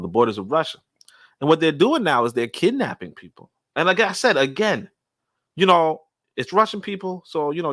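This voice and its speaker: Male podcast host in his thirties, bright and fairly high voice, rambling livestream monologue with blunt cursing.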